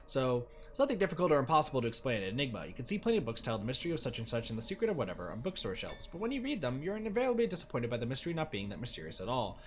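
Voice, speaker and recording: A man's voice: mid-range voice, wildly swooping pitch, rapid-fire, few pauses, faint music behind. A man streaming a game, joking and chatting casually while reading the story aloud. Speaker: let's play streamer.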